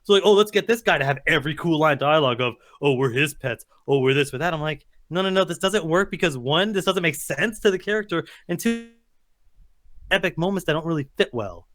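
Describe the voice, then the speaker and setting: A man co-hosting a podcast, talking quickly and laughing through casual banter. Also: on the high side, animated, a bit bright. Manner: rapid, laughing, profane. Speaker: podcast co-host.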